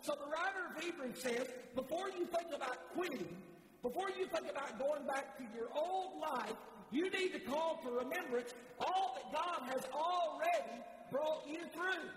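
A man's voice: extremely high pitch, moderate pace, fairly bright tone. A man preaching a sermon in a church, fervent and repetitive, often stammering and restarting his words. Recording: echoey hall with faint noise.

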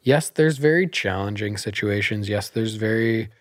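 A man's voice: fairly low pitch, normal speed, no echo, studio quality. A man who works as a realtor, talking in a casual podcast chat as a guest, telling stories animatedly and laughing often.

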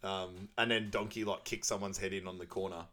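A man's voice: low-pitched, fairly even intonation, fairly quick, sharp tone. Rambling man recapping a film. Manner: rambling, many fillers, laughs often. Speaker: podcast co-host. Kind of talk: casual film recap chat.

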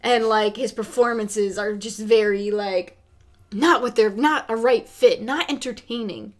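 A woman's voice: a little high, a little slow. Chatty woman reviewing a film. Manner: rambling, frank, swears, many fillers. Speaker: podcast co-host. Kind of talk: casual film review chat.

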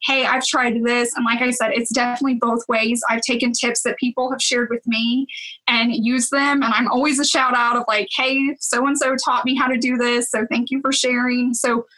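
Chatty bright-voiced Southern woman. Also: fairly high pitch, flat delivery, moderate pace, rough recording. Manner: chatty, earnest, laughs often. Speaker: cleaning video creator, guest. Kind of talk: casual interview chat.

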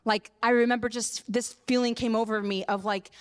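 A woman preacher giving an earnest sermon and personal testimony, moving from hushed to impassioned. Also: a little high, steady tone, fairly quick, few pauses, clear, resonant tone. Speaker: apostle and preacher.

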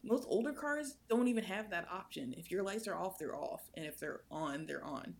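Young woman, podcast co-host, gravelly fry, lively storyteller. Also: normal speed. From United States. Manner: animated, swings in pitch while telling a story. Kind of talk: casual storytelling chat.

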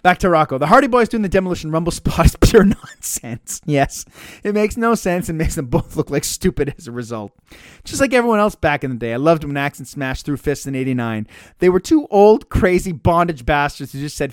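A man hosting a casual podcast, reading listener mail and chatting in an animated, profane way, often laughing mid-sentence. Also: fairly high pitch, brisk, dry recording, clean studio sound. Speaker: podcast host.

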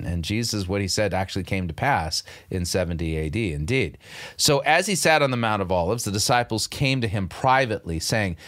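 A man's voice: fairly low pitch, lively intonation, a little fast, fairly bright tone. An older man hosting a commentary show, talking through clips with sardonic, incredulous critique. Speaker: show host.

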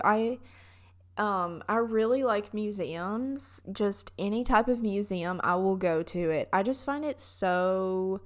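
A young woman with a Southern US accent, chatting casually in a vlog and telling stories with lots of fillers. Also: medium pitch.

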